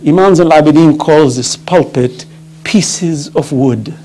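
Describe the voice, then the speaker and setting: A man's voice: a little high, unhurried, mellow, poor audio. A man giving an impassioned religious lecture, telling a story with fervent, rising emphasis. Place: mosque or religious center hall.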